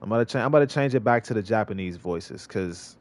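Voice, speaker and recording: A man's voice: fairly low pitch, animated, brisk. A male streamer giving casual gameplay commentary, rambling and repeating himself with many restarts. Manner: rambling, repetitive, lots of restarts.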